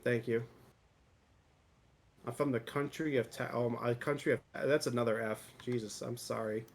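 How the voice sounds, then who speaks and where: A man's voice: mid-range voice, fairly even intonation, normal speed. A man hosting his game stream, chatting casually, laughing often and swearing freely. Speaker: streamer host. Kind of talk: casual chat while gaming.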